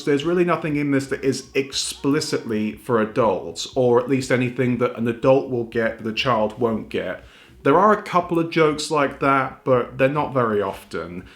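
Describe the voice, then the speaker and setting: A young British man talks through a review in an earnest, thoughtful way. His voice sits at an ordinary middle pitch, and his delivery stays sincere and reflective throughout. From United Kingdom. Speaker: YouTube reviewer. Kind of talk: video review commentary.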